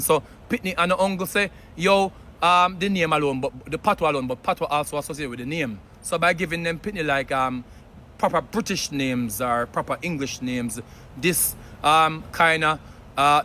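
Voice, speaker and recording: A man's voice: a little high, bright, forceful tone, slight background noise. A Jamaican man giving earnest commentary, slipping patois into his English. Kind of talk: opinion commentary.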